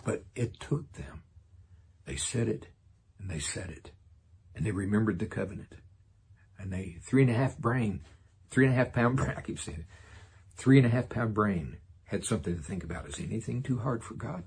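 A man preaching a sermon in a lively way, laughing often and acting out quoted voices. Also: fairly low pitch, normal speed, husky.

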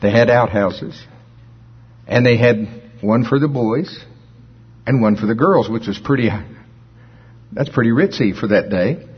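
A man in his sixties preaches a sermon in a folksy, storytelling style, chuckling at his own jokes. His husky, medium-pitched voice is a little slow and pauses often. The recording is dull and lo-fi.

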